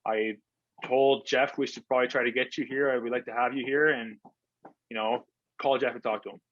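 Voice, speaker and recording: The Canadian hockey player, here as an interview guest, talks briskly at medium pitch with fairly even intonation and a slightly bright tone. His casual storytelling is chatty and filler-laden, often reenacting conversations in quotes, over a dull, dry lo-fi recording with slight background noise.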